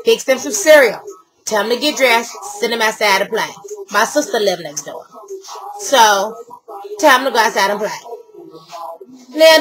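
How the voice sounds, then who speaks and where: A woman's voice: fairly high pitch, rough recording. An older woman telling a story casually and sassily to camera, acting out what others said. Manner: animated, sassy, acts out quotes. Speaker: vlogger.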